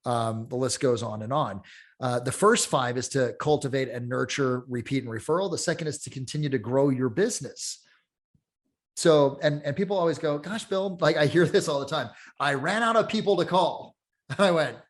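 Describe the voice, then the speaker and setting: A middle-aged man, a real estate coach, talking in a casual podcast chat, energetic and blunt, acting out quotes as he tells stories. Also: mid-range voice, normal speed. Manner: energetic storyteller, swearing, acts out quotes.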